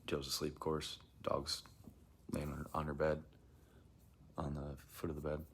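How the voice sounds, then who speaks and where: Very deep gravelly man recounting an experience. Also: monotone, normal speed. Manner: rambling, hesitant, drifts into whispers. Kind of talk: casual first-person account.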